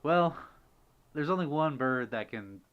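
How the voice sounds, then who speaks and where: Giggly, excitable male streamer. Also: fairly high pitch, a little slow, smooth, muffled recording. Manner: gushing, giggly, excitable, often thanking viewers. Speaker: livestream host. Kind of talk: casual livestream chat, reading viewer messages.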